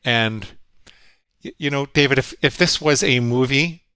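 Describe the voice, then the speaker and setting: A man's voice: mid-range voice, a little slow, sharp tone, clear, resonant tone, dry recording. Middle-aged male guest psychologist, earnest and reflective, dry close sound. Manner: earnest, reflective, quotes his own inner voices. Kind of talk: storytelling conversation.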